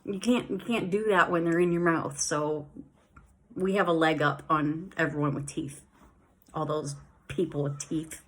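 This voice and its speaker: A woman's voice: deep voice, fairly even intonation, unhurried. A woman vlogging casually about her dental recovery, rambling with many fillers and a slight lisp on her S sounds while wearing new dentures. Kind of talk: casual chat.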